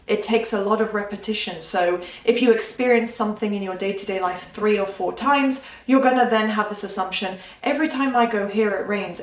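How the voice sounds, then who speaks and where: A young woman speaks straight to her viewers as a coach, earnest and emphatic as she drives home her point. She sits a little back from the microphone, and the room around her rings with noticeable echo. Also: mid-range voice. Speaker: manifestation coach. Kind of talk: casual talk to camera. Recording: roomy, slightly distant mic.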